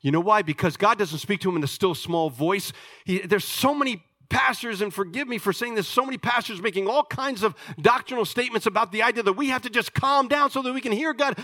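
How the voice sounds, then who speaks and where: An older man preaching a sermon as pastor, impassioned, swinging between loud declarations and hushed asides. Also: high voice, a little fast, dry recording, studio quality.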